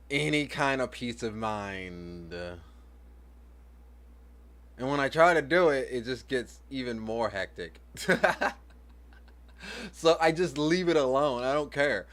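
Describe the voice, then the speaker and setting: A man's voice: fairly high pitch, fairly bright tone. A man who is a parent, talking to camera in a casual, rambling monologue that philosophizes and repeats itself. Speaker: vlogger and parent.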